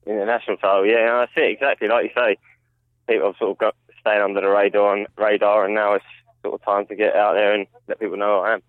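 London boxer on a tinny phone line. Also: male voice, fairly low pitch, level tone, fast, no echo. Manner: laid-back, laughs easily, modest. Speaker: professional boxer guest. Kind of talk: interview over the phone. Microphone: phone call.

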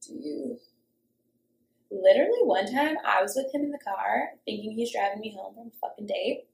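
A woman's voice: medium pitch, expressive, normal speed, creaky, a little mellow. A young woman telling a story in casual chat, acting out quotes and swearing freely. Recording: roomy echo.

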